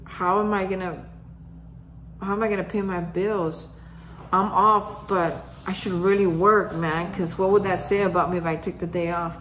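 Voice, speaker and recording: A woman's voice: on the low side, steady tone, normal speed, fairly bright tone, a little hiss or hum. A woman hosting a daily reflection, telling a personal story in a casual way and acting out remembered conversations. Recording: roomy echo.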